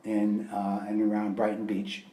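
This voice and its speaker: A man's voice: fairly low pitch, a little slow. Older guy, light new york accent, easygoing and rambly, echoey room sound. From Brooklyn, New York. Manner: relaxed and rambling, with many fillers. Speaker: interviewee. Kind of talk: casual personal interview. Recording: roomy echoey recording.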